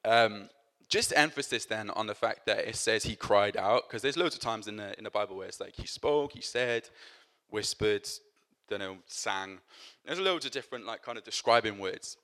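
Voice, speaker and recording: A man's voice: on the low side, moderate pace, fairly bright tone. A man preaching a sermon in a conversational way, with many fillers and restarts, moving between scripture and personal stories.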